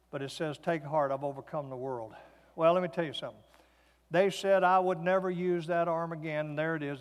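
A man in his sixties giving a folksy preaching testimony to an audience. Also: high-pitched. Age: 60s. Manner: folksy storytelling. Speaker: speaker. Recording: long hall reverb.

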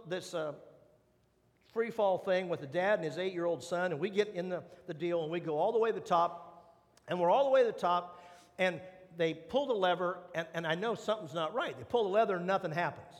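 A man's voice: high-pitched, fairly bright tone, a little hiss or hum. A man, a pastor, preaching a sermon and telling a humorous, self-deprecating personal story. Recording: long hall reverb.

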